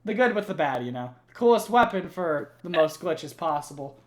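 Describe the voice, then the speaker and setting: Very animated and fairly high-pitched, this young man moves at a moderate pace as he chats about video game lore. He rambles, swears a lot and leans on plenty of filler words.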